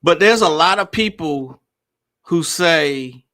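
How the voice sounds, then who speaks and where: A man with a bright, slightly high voice talks to his viewers at a very slow, deliberate pace. He keeps his words plain and repeats his points, often checking in with his viewers. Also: lively intonation. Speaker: commentator. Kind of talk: casual commentary vlog.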